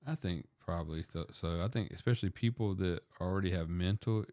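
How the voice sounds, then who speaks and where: A man's voice: low-pitched, brisk, a little mellow, dry recording, studio quality. A man on a podcast casually retelling a movie in a loose, rambling way. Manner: rambling, loose storytelling full of fillers. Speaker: podcast co-host.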